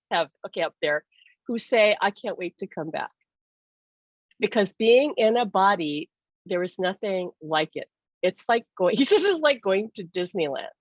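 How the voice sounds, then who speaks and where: Middle-aged woman host, animated storyteller, lo-fi dry recording. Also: mid-range voice, no room sound. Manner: earnest, animated storytelling with laughs. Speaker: author and host. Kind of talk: casual talk to camera. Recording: dry, dull lo-fi sound.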